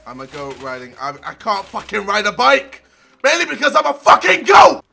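Young guy yelling over game music, high bright voice with gravel in it, swears a lot. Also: wildly swooping pitch, moderate pace. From England. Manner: loud, swearing, shouts and yelps at the game. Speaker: gaming video creator. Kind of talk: gameplay commentary.

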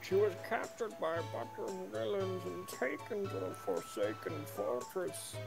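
A distraught elderly father wails and pleads, as a gamer voices him while reading along. His pitch swoops high and low, over faint background music. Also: sing-song, normal speed, gravelly.

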